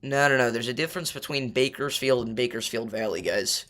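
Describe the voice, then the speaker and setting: Talking a little fast in a mid-range, fairly bright voice, a young male livestreamer chats loosely with viewers. He argues his opinions on the weather, leaning heavily on filler words.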